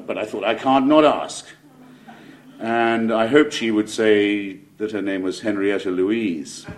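Wry English man lecturing. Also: on the low side. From England. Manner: wry, digressive, self-interrupting with ironic asides. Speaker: lecturer giving a speech. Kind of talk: public lecture.

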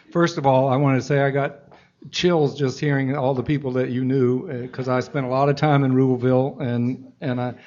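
A man, an author, answering audience questions in an earnest, halting way with many restarts. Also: medium pitch, a little mellow. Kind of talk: Q&A talk, reflective storytelling. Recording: dull lo-fi event recording.

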